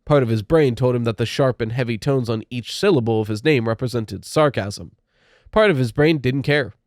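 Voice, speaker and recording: A man narrating a spooky young-adult audiobook in a steady, measured way. His pitch sits in an ordinary middle range. The recording is dry and close, with no room sound. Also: no echo.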